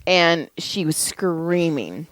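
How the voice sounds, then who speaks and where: A woman's voice: lowish voice, sing-song, very slow, dry recording. A woman in her forties telling rambling, profane stories in casual chat as podcast co-host. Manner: rambling storyteller, swears freely.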